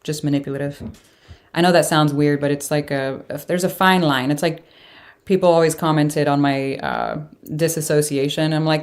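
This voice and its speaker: A woman with a low-pitched voice reads tarot cards in a loose, chatty way. She talks through each card as it comes up and breaks in with startled exclamations. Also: expressive, moderate pace. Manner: reacts aloud to cards with surprised exclamations and laughs. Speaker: tarot reader. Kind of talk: casual tarot reading.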